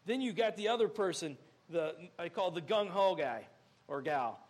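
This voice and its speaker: A young male pastor preaching a sermon in a church, animated and acting out scenes with sudden loud outbursts. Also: sits high, moderate pace.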